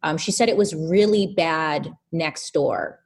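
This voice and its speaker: A podcast guest in casual conversation, speaking in a somewhat low register. She tells her story in an animated, chatty way, leaning on fillers as she goes. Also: a little slow, vocal fry, breathy edge.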